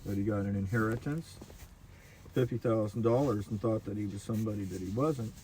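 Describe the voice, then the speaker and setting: A man and guitar player giving advice in casual storytelling chat, rambling and animated, swinging between loud and soft. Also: lowish voice, fairly quick. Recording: very echoey room, distant mic, faint noise.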